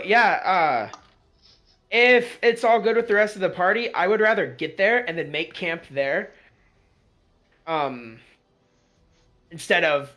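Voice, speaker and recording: A man's voice: high voice, sharp tone. A man playing a tabletop game, talking casually and hesitantly, thinking aloud with laughs. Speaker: player.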